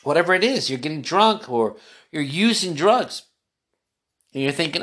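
An earnest Bible teacher leads a study session and reads scripture slowly before explaining it. Key phrases come back again and again, and the listener is called son. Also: medium pitch, expressive, a bit bright.

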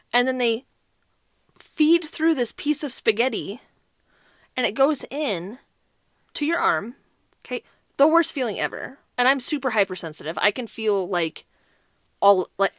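A woman co-hosts a podcast in loose, casual chat. Her voice sits a little high and swings widely as she tells a story, leaning on "like" again and again. The sound is dry and close. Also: dry recording. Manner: animated storyteller, heavy use of "like". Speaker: podcast co-host.

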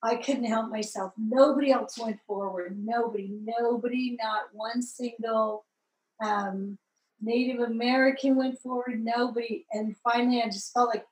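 A woman from Southern California telling her conversion story in a lively, expressive way, acting out the people she met. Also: a little high, roomy sound, poor audio. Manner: lively, acts out voices in the story, rises to excited peaks. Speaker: guest telling her testimony. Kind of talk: animated personal storytelling.

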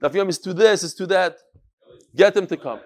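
High-pitched guy running a lively class, telling stories and calling people up front. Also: a little fast. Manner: animated storyteller who calls listeners up to the front. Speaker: Torah class teacher. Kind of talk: lively lesson to a live group.

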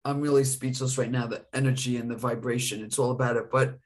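A man's voice: mid-range voice, fairly even intonation, quick pace. Male podcast co-host, mid-range voice, effusive and emotional. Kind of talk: live podcast chat.

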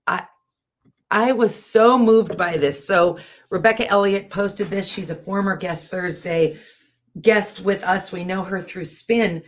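A middle-aged woman co-hosting a casual talk show, chatty and self-deprecating, also reading a story aloud. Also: unhurried. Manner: chatty, self-deprecating, animated swings in pitch. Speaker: podcast co-host.

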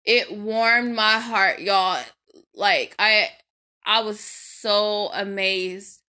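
A woman's voice: medium pitch, fairly even intonation, extremely slow, pushed and bright. A young woman telling a casual story to her viewers, chatty and devout, calling them y'all, with her allergies acting up. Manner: chatty, addresses viewers as y'all, prayerful asides. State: allergies, itchy nose. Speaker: vlogger.

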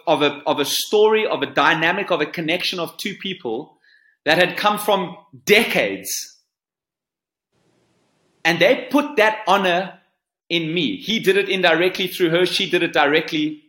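Guest: earnest man in his 40s, bright tone, slightly high, roomy echo on the mic. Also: normal speed. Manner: earnest, repeats words as he searches for them. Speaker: surf coach guest. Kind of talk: storytelling interview answer.

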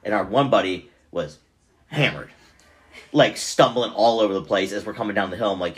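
A man's voice: on the low side, moderate pace. A young man chatting casually as a podcast guest, telling stories and laughing often. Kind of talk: casual chat.

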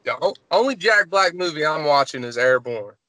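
A man with a somewhat high, bright, tense voice trading jokes on a podcast. His talk is slangy and informal, dropping quick wisecracks. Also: expressive. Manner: joking, drawling slang like "ain't never". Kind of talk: casual podcast chat.

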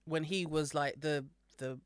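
Man, smooth resonant voice, animated storyteller, chatty, dry studio sound. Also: fairly high pitch, measured pace, no echo. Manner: animated storyteller, acts out quotes. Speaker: podcast co-host. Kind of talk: casual chat.

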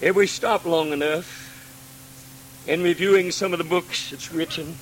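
A man preaching a Pentecostal sermon, swinging from hushed pleading to ringing cries and acting out God's pleading voice. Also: fairly high pitch, steady tone, measured pace, a little hiss or hum, low-quality recording.

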